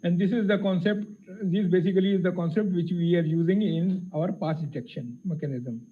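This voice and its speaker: A man giving a technical physics lecture, explaining carefully with frequent pauses and fillers. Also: sits high, husky. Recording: tinny phone-like lecture audio with faint hiss.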